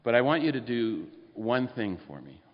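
Preaching conversationally at a moderate pace, this pastor's mid-range voice swings widely in pitch as he asks the congregation questions. The church sermon is captured in a dull lo-fi recording with a long hall reverb.

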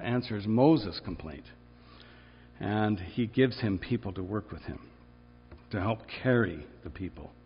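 Man, preacher, sermon, animated, lively delivery, muffled recording. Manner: animated, acts out quoted cries in a high strained voice. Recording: dull sound, long reverb in a large hall.

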